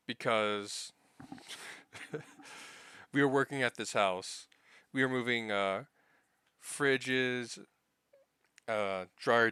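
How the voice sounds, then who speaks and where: A young man spins a rambling, profanity-laced story about his week at work, now and then acting out what other people said. His voice is bright and crisp, and the recording is dry and close. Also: mid-range voice, no room sound. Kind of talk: casual spoken anecdote.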